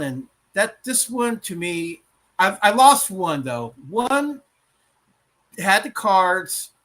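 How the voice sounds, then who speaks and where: A male podcast co-host chatting casually, eager and often chuckling as he speculates. His voice is bright and forceful and sits a little high. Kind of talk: casual chat.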